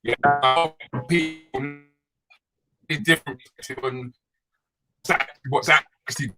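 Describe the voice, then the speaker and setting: A man hosting a chat show, talking in a halting, apologetic way. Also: mid-range voice, fairly even intonation, over loud music, poor audio. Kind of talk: casual chat.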